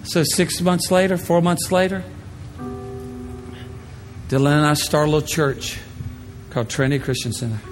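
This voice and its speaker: A man pastor telling a personal story in a sermon, animated, swinging from hushed to loud. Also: a little high. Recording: echoey hall with faint music.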